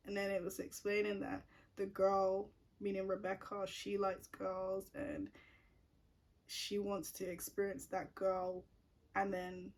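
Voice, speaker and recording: A woman's voice: mid-range voice, steady tone, slow. A young woman telling a personal story at home in a chatty, casual way, full of "like" fillers. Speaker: vlogger.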